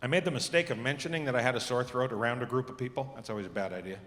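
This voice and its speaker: Exasperated stand-up comic, echoing theatre. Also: male voice, very fast. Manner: animated, exasperated storytelling with sudden high-pitched outbursts. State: sore throat. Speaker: stand-up comedian. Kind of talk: stand-up comedy set. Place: theatre stage before a live audience. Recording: live theatre recording with long hall reverb and audible audience.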